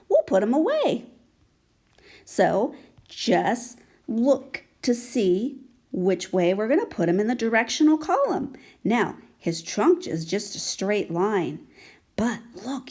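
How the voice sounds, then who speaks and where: A woman teaching a children's phonics lesson, coaxing a young learner with patient questions and repeating each letter sound slowly and clearly. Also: medium pitch, a little mellow.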